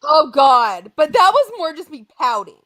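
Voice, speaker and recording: A woman's voice: high-pitched, measured pace. A woman in her twenties co-hosting a podcast, telling stories in casual chat and acting out what people said. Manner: animated, dramatic storytelling with acted-out quotes. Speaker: podcast co-host.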